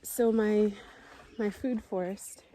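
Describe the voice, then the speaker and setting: A woman giving a casual tour of her home garden, gushing with excitement and often dropping to a soft whisper. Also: mid-range voice, takes it slowly, slight background noise. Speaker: homestead vlogger.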